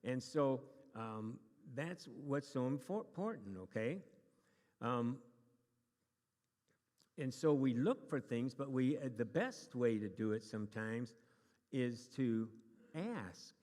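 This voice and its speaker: A man's voice: medium pitch, expressive, takes it slowly, a little mellow. A man teaching a church class to a live group, chatty and joking, with many restarts. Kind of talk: casual lesson to a live group. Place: church meeting room. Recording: long reverb of a hall.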